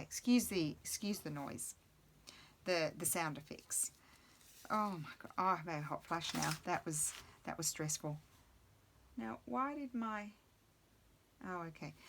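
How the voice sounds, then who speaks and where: A woman's voice: lowish voice, bright, forceful tone. A middle-aged woman chatting casually and rambling to herself while she crafts at her table. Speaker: crafting video host.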